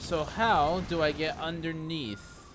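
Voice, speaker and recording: A man's voice: a little high, steady tone, fairly bright tone, slight background noise. A man giving casual commentary while playing a video game, talking to himself and his chat. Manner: chatty, talks to himself and chat, quick reactions. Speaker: let's play streamer.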